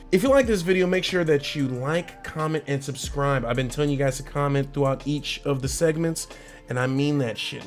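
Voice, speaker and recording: A man hosting a casual football transfer talk, animated and slangy, laughing often and asking the fans questions directly. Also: on the high side. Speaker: sports channel host.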